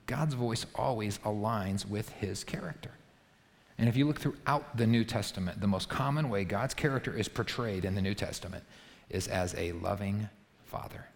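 A man's voice: on the low side, normal speed, creaky, long reverb tail. A man preaching a sermon as pastor, emphatic and often checking in with "right?". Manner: emphatic, punctuates points with rhetorical "right?". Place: church auditorium.

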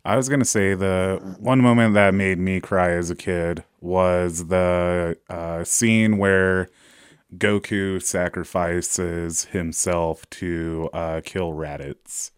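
Low voiced guy on a podcast, lots of um and uh, dry sound. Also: fairly even intonation, slow, clear, resonant tone, no echo. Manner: storytelling with many fillers. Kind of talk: casual chat.

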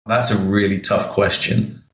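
A man, an education consultant telling stories in a podcast interview, animated and acting out the dialogue. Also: fairly low pitch, a little slow, reverberant, poor audio. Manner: animated, emotional storytelling, acts out quoted dialogue.

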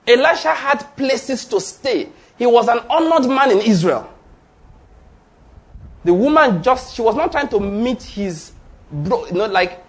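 Pastor guy preaching, high voice, swoops up and down a lot, keeps asking the church questions. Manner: call-and-response questions to the congregation; emphatic repetition, laughs while preaching. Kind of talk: sermon. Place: church before a congregation.

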